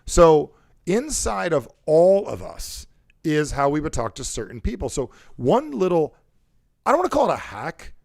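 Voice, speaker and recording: A man's voice: fairly high pitch, big pitch swings, normal speed, gravelly, a little mellow, no room sound, studio quality. A man hosting a motivational talk show about sales and conversation, who acts out how people sound on calls. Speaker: show host and sales coach.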